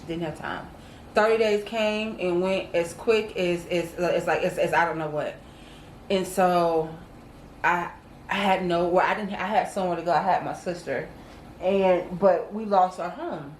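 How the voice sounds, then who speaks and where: A woman's voice: lowish voice, a little slow, reverberant, slight background noise, low-quality recording. A woman co-hosting a casual talk, earnestly telling a personal testimony and calling her viewers y'all. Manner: earnest storytelling, acts out quoted voices, addresses viewers as y'all. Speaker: co-host.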